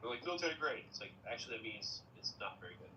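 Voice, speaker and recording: A man's voice: medium pitch, expressive, very fast, pushed and bright, a little hiss or hum, low-quality recording. A man chatting eagerly and sharing trivia in a casual podcast conversation.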